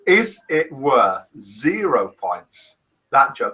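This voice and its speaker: A man's voice: mid-range voice, big pitch swings, slow pace, bright, forceful tone, rough recording. Chatty British man hosting a live show. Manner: teasing, chatty, self-mocking. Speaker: host of a live seniors' call-in show. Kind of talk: live broadcast chat, reading viewer messages.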